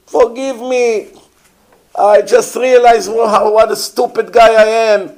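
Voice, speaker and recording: A man's voice: very high-pitched, fairly even intonation, unhurried, darkish tone, pitched above the performer's own voice. A man putting on a whimpering remorseful tyrant. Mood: pleading. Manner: pleading, whiny, rising to near sobs. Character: remorseful mass-murdering male dictator begging forgiveness.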